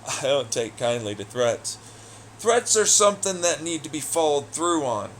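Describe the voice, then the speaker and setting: A man's voice: animated, moderate pace, slight background noise. Profane, taunting man with a raised voice. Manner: swings between loud jeers and low muttering. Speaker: audio blogger. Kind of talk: angry solo rant.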